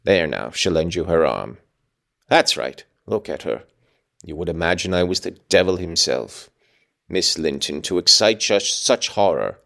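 A man reading aloud, voicing a cruel, scornful middle-aged father in a low, curbed, menacing tone. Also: expressive, a little slow, vocal fry, a bit bright, heavily acted.

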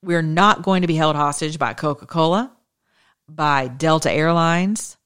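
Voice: medium pitch, unhurried, fairly bright tone, clean tone. Fervent preaching show host. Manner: fervent and preachy, with emphatic repetition. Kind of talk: impassioned political and religious call to action.

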